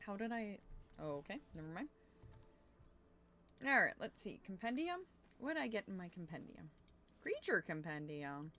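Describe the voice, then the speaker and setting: A young woman streaming a video game and chatting easily as she plays, her pitch lifting and dipping a lot. She talks things through aloud and swears casually. Soft game music plays faintly behind her. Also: very animated, normal speed, pauses often. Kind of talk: casual gameplay chat.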